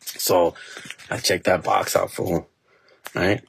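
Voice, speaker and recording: A comedian and podcast host tells stories slowly in a deep, gravelly voice with a breathy edge and little pitch movement. His delivery is casual, profane and heavy on slang, sprinkled with Spanish words and phrases, and he ends lines with "dog" and "fool."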